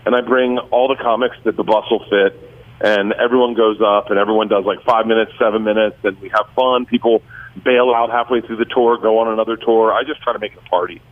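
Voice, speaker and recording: Rambling comedian guest on a muffled line. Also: male voice, on the low side, fairly even intonation, fairly quick. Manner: rambling, with many restarts. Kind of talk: casual chat with storytelling.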